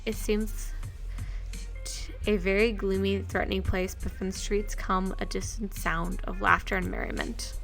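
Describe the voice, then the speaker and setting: A woman reads a fantasy gamebook aloud in second person, at a mid pitch, sometimes stumbling and correcting herself. Soft music plays faintly behind her. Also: level tone, unhurried, vocal fry. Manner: reads aloud with small slips and self-corrections. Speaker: streamer reading a gamebook. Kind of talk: second-person story narration.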